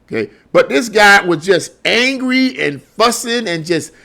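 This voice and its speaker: His high, bright voice is gravelly, forceful and animated, moving a little slowly. The middle-aged political commentator is blunt and heated on his own, often repeating words as he works himself up.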